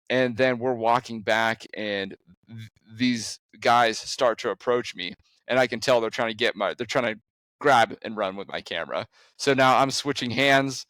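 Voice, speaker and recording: A man, a conservation photographer, recounting an adventure with animated storytelling and frequent restarts. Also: no echo. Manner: animated storytelling with sudden rises in pitch.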